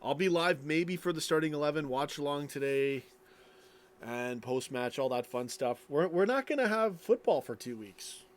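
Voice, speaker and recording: A tired man streaming late at night, reading chat and rambling casually, yawning as he talks. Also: fairly high pitch. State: sleepy, yawning.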